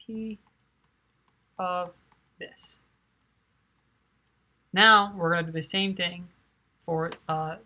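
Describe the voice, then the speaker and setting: A tired young woman quietly working through a physics derivation, thinking aloud in a soft, low-key way with many fillers. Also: breathy edge. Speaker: physics tutor.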